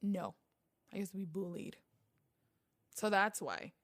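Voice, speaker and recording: A woman from Panama with a Panamanian Spanish accent, a guest telling her story in a casual interview, animated and acting out the voices of people she quotes. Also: medium pitch, unhurried. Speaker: guest, beauty vlogger.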